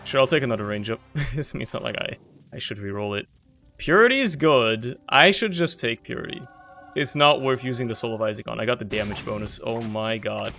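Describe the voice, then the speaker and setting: A young gaming YouTuber gives slangy, casual commentary on his own gameplay, talking to himself, laughing often, and getting worked up over what happens. His voice is medium-pitched with vocal fry and a slightly fast, animated delivery. Soft music plays in the background.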